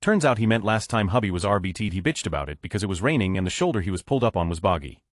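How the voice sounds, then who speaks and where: A man reading short online stories aloud as scripted narration, with a flat delivery that lifts at each story heading. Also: low-pitched, racing, dry recording, studio quality.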